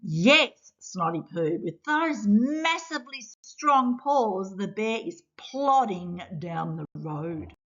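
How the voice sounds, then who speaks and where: A woman's voice: mid-range voice, big pitch swings, slow, few pauses, a bit bright, heavily acted. A woman voicing a cheeky little booger creature with a playful, chatty storybook voice. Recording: dull lo-fi sound.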